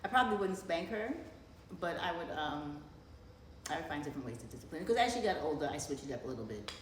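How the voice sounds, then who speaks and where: A middle-aged woman telling a family story in casual chat, talking fast and rambling, often breaking into laughter. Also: sits low, expressive, roomy sound, a little hiss or hum.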